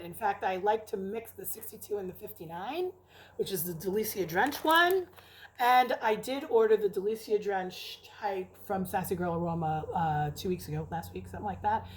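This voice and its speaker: Chatty middle-aged woman, noisy background. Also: mid-range voice. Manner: chatty, rambling, swears casually. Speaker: vlogger reviewing wax melts. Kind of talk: casual chat. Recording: noticeable background noise.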